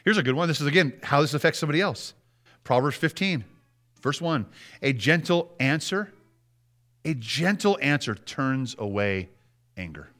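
A man's voice: on the high side, animated, moderate pace, pauses often, a bit bright. A man preaching a sermon as pastor, talking conversationally and asking the congregation frequent rhetorical questions.

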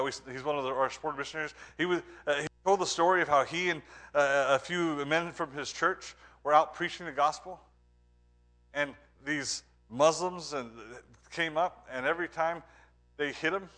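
With a slightly high voice, this man delivers a sermon as a pastor. His earnest preaching alternates between emphatic declarations and soft, hushed moments.

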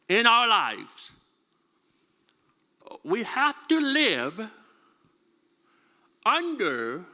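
A man's voice: sits high, sharp tone, long reverb tail. A man preaching a sermon, stumbling over repeated words and asking his congregation questions. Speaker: pastor.

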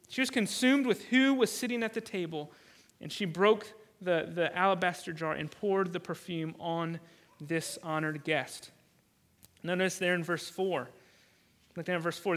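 A man delivers an earnest sermon in a notably high voice. He has a bright, forceful tone, and he often repeats words and briefly acts out the voices he quotes. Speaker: pastor.

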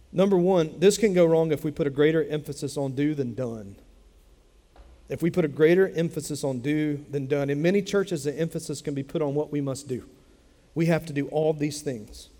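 A man's voice: fairly high pitch, moderate pace, warm tone, long reverb tail. A man preaching a sermon as a pastor, speaking in a conversational way and repeating phrases for emphasis. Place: church sanctuary.

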